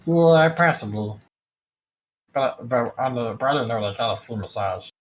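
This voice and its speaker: A player speaking in character in a tabletop game, cheeky and deadpan. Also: mid-range voice, normal speed.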